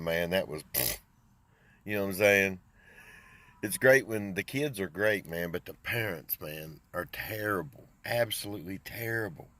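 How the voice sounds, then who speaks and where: Older man with a very low, folksy voice. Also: fairly bright tone, no room sound. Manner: rambling and folksy, says "man" constantly. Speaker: small engine repair and lawn care business owner. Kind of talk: casual vlog chat.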